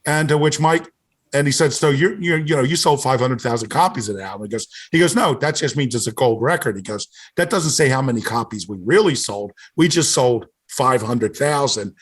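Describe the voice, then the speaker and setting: A man's voice: medium pitch, a little fast, husky. A man who is a guest on a casual podcast, telling a long story and repeating "he goes" as he talks.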